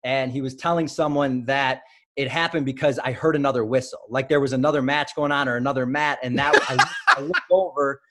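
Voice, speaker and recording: A man's voice: mid-range voice, brisk, fairly bright tone. A man in his thirties from Illinois, a former wrestler, telling stories as a guest in a casual interview, with many fillers and restarts. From Highland Park, Illinois.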